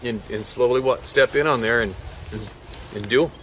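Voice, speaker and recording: A man's voice: mid-range voice, moderate pace, fairly bright tone, a little hiss or hum. A middle-aged man, a hunting guide, telling a story vividly and laughing between lines. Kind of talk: animated storytelling. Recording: music playing under the voice.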